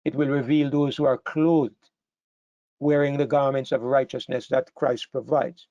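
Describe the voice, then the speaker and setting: A man's voice: mid-range voice, level tone, unhurried, mellow, no echo, highs cut off. A man preaching a sermon to a congregation, earnest and emphatic, repeating phrases as he builds to stressed points. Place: church hall with a live congregation.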